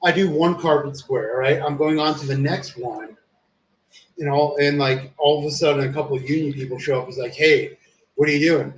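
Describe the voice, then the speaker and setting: A man with a slightly high voice tells a loose, profanity-laced work story on a stream. He rambles with plenty of fillers and restarts. The room is echoey, with faint ambient noise behind him. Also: fairly even intonation, a little fast. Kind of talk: casual chat.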